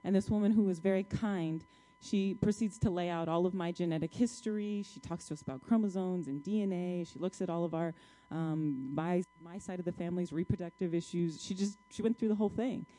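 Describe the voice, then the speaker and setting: A woman's voice: lowish voice, brisk, hardly any pauses, warm tone. Woman sharing an emphatic church testimony. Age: adult, married, child-bearing years. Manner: emphatic, colloquial, addresses the congregation directly. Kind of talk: testimony sermon, storytelling.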